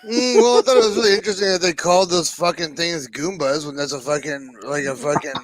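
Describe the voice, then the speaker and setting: A man in a casual podcast chat, halting and heavy on swearing and fillers. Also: fairly high pitch, no room sound.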